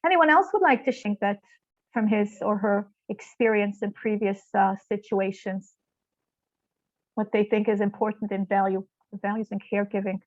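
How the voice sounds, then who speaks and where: A woman's voice: mid-range voice, normal speed, no room sound. A woman teaches caregivers over a video call, speaking in an earnest, encouraging way and leaning on "you know" as she thinks aloud. The audio sounds dry and dull, with muffled lo-fi tone. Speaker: trainer leading an online caregiver course. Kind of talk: live online workshop talk.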